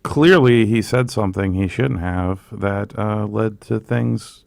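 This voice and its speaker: A man, a comedian guest, talking in a dry, laid-back way with a gravelly voice. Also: lowish voice, slow, a little mellow. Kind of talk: casual chat.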